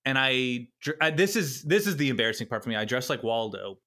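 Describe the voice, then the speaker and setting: Bright-voiced man telling rambling stories. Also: medium pitch, brisk. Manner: rambling, self-deprecating storyteller with frequent laughs. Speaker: podcast guest. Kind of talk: casual podcast chat.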